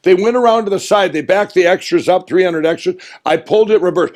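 A middle-aged man telling animated, excitable stories as the guest in a casual interview. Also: high-pitched. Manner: excitable, animated storyteller with quick asides.

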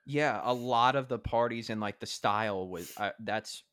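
A man's voice: medium pitch, moderate pace, fairly bright tone, dry recording, studio quality. A man chatting casually about a movie as a podcast co-host, rambling with lots of fillers. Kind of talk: casual movie review chat.

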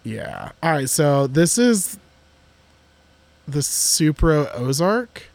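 A man co-hosting a podcast in casual chat, joking and excitable, talking in restless bursts. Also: a little high, very slow, gravelly. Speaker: podcast co-host.

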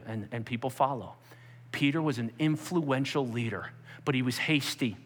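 A man preaching a sermon in an animated way, jumping into sudden high-pitched bursts when he acts out quotes. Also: normal speed. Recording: long hall reverb.

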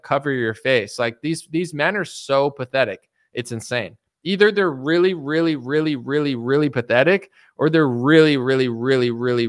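A man doing casual political commentary, talking quickly and mockingly with many fillers and acted-out quoted voices. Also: medium pitch, dry recording, studio quality. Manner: rapid, mocking, full of fillers.

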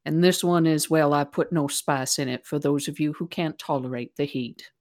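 A woman's voice: low-pitched, normal speed, darkish tone, no room sound, lightly acted. A woman voicing a matter-of-fact female cook from the mines in a tabletop game. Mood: dry. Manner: dry, matter-of-fact, says darling.

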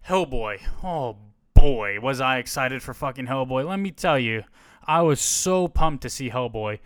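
A man's voice: medium pitch, expressive, a little slow, fairly bright tone, smooth, no room sound. A man hosting a podcast, giving a casual, rambling and frank movie review on a close mic. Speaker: podcast host.

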